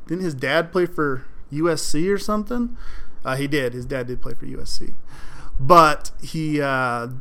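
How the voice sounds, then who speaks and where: A man hosting a solo sports podcast, talking in an animated, emphatic way and mocking fans' complaints. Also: on the high side. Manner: animated, emphatic, mocking quoted fans in exaggerated voices. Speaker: podcast host.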